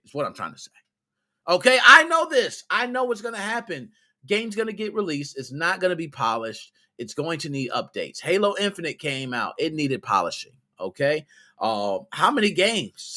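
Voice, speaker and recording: A man's voice: sits high, pushed and bright. A man hosting a gaming podcast, ranting in a heated, exasperated way, scolding his listeners in casual slang with plenty of cursing. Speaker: podcast host.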